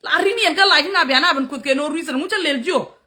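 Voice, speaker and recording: Heated woman yelling at commenters on her live stream, high bright voice. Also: quick pace. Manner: heated and scolding, mixing English with another language, laughing in bursts. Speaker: content creator on a livestream. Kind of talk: angry livestream rant at commenters.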